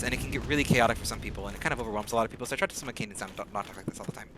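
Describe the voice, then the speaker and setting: A man chatting casually while streaming a game, rambling and often speeding up into rapid talk. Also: fairly low pitch. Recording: steady background noise.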